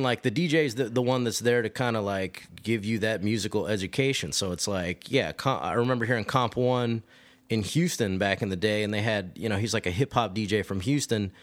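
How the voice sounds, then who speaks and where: A man's voice: on the low side, moderate pace. A man being interviewed about his work as a DJ, telling stories in a loose, profane, rambling way with frequent laughs. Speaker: DJ guest. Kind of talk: casual storytelling chat.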